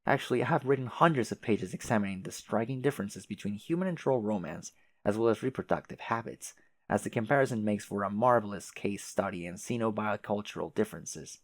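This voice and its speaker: A man's voice: on the low side, brisk, no room sound. A man voicing a fussy, long-winded advisor who speaks in a put-on British manner, formal and wordy. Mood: earnest. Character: prim, verbose troll advisor putting on a British manner.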